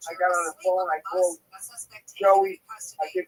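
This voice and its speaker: Male guest, bright and sharp tone, rambling storyteller, distant mic. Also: high voice, normal speed. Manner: rambling, full of restarts and swearing. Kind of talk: casual storytelling.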